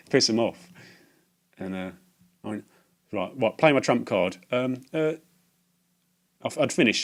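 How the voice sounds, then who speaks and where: Rambling man telling a story. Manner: rambling, halting, self-mocking, acts out voices in a high falsetto. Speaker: video game collector vlogger. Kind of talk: casual rambling anecdote.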